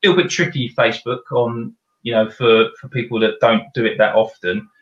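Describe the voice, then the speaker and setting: A man's voice: medium pitch, fairly even intonation, brisk, roomy sound, muffled recording. A man with a South London accent, a podcast guest giving practical explanations in casual chat. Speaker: guest, video company director.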